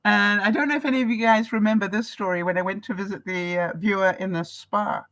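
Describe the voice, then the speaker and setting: A woman's voice: medium pitch, steady tone, fast, a bit bright, poor audio. A woman vlogger from Canada, telling stories in a live-stream chat with viewers, laughing often and acting out the voices she quotes.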